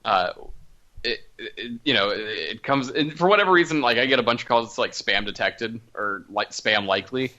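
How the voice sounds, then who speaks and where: A man's voice: medium pitch, animated, normal speed, sharp tone, muffled recording. A man co-hosting a wrestling talk podcast, telling a story in casual chat and laughing as he goes. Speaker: podcast co-host.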